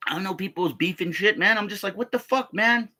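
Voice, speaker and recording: A man's voice: high voice, fairly quick, sharp tone, a little hiss or hum. A middle-aged man from the United States, an army veteran, telling stories in a rambling, profane way and often stammering and laughing. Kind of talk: casual rambling monologue.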